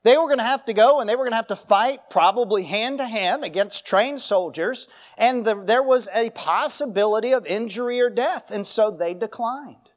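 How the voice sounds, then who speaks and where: Pastor, male, higher voice, church sermon with homespun asides. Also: moderate pace, hardly any pauses. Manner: preaching with folksy asides and storytelling.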